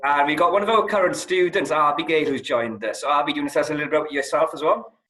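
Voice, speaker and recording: A man's voice: a little high, racing, pushed and bright, rough recording. Man hosting a university webinar. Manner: friendly, with many "uh" fillers. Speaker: admissions head and webinar host. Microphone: video call.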